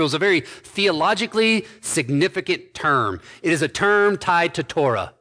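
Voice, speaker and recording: A man with a fairly high voice is preaching an expository sermon. He builds steadily to emphatic points and drops in quick, informal asides to the congregation. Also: expressive, bright, forceful tone. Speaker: pastor.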